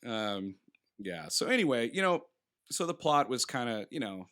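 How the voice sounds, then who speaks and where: A man's voice: mid-range voice, big pitch swings, moderate pace, fairly bright tone. A man in his thirties co-hosting a podcast, chatting casually through a movie review in a rambling way, laughing often and acting out bits of dialogue. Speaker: podcast co-host. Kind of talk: casual film review chat.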